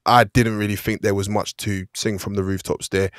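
Man, mid-pitched, critical, hesitant, dry close sound. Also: level tone, normal speed, no room sound. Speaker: podcast co-host. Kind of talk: casual movie-review chat.

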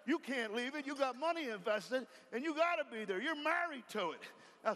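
A man giving a folksy, emphatic motivational speech from a stage, firing off rhetorical questions and sometimes shouting. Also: extremely high pitch. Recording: reverberant hall, faint background noise.

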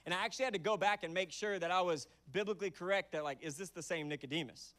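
A man preaching a sermon as pastor, telling stories in casual, folksy words with bursts of shouting. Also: high voice, fast. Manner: energetic storytelling preaching, sometimes shouting.

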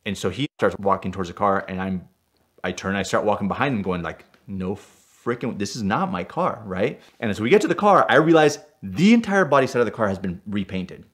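A man from Puerto Rico tells a car story with a somewhat low voice. He is animated and excitable, and he keeps checking in with "right?" as he builds the tension. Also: fast. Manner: excitable, tags lines with "right?", gets worked up as he tells it. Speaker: stunt driver telling car stories.

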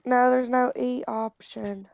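High-voiced excitable gamer woman. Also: gravelly. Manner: excitable, quick to call things out. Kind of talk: casual gaming chat.

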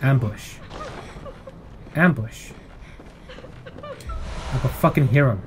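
A man giving profane, jumpy commentary while playing a video game, swinging between yelling outbursts and self-mocking jokes. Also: a little high, sing-song, measured pace, long pauses, a little hiss or hum. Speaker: gameplay streamer. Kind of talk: live gameplay commentary.

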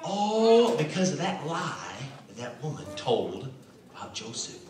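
A man, telling a Bible story to children in an animated, folksy way. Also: fairly high pitch, a little slow, slight background noise. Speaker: children's Bible school preacher. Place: church hall. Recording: echoey room from a distance.

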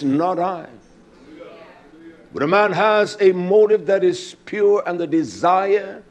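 Male preacher, high voice, unhurried, emphatic, pauses often mid-sentence. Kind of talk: sermon.

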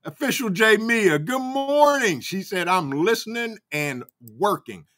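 Male livestream host, brassy slightly high voice, heated and chatty. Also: sing-song, unhurried, sharp tone. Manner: fired-up, greets chat viewers by name. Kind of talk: casual live-chat commentary.

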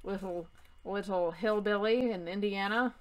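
A woman's voice: medium pitch, a little slow, pitched below the performer's own voice, close to an everyday voice, poor audio. A woman putting on a haughty, condescending corporate voice with a weird British accent, as a joke. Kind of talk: mock impression in casual chat.

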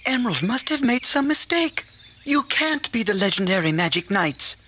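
A woman's voice: a little high, very animated, normal speed. A woman voicing a stern, scolding, centuries-old boyish wizard priest in a game cutscene.

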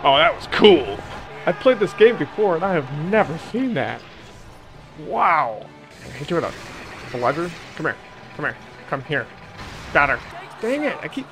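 A young man giving casual, joking commentary as he plays a video game, chatty and self-mocking. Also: a little high. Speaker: gaming channel host. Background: game music.

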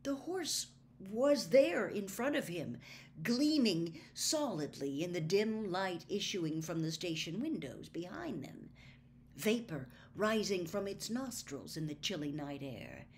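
A woman reading a storybook aloud in a measured, expressive way. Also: on the low side, a little hiss or hum. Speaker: audiobook reader.

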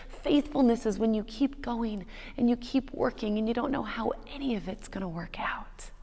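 Woman preaching in a reverberant church. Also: medium pitch. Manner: storytelling, conversational with playful asides. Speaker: pastor. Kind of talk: sermon.

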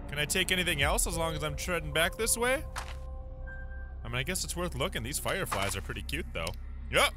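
A young man giving animated, jumpy commentary while playing a horror game, often exclaiming and laughing. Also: a little high, brisk. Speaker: let's play gamer. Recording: music loud behind voice. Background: game music.

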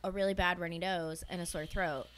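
A woman's voice: lowish voice, steady tone, brisk, fairly bright tone, a little hiss or hum. A woman in casual banter, emphatic and indignant, dropping the odd swear word. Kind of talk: casual chat.

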